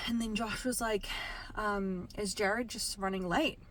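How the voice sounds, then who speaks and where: A woman's voice: mid-range voice, fairly even intonation, a little slow, fairly bright tone. A pregnant young woman vlogging, telling a story in a chatty way, saying "like" a lot and laughing often. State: pregnant and tired. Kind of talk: casual storytelling.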